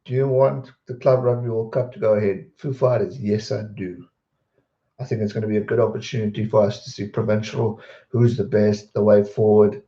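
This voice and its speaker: A man hosting a livestream, casually chatting and answering viewers' questions with a rambling, relaxed manner. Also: fairly low pitch, brisk, roomy sound, muffled recording. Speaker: livestream host.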